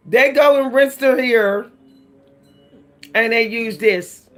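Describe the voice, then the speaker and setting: A woman's voice: on the high side, measured pace. A woman vlogging about hair care in a casual, chatty way, laughing often and calling her viewers "y'all.". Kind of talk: casual chat to camera.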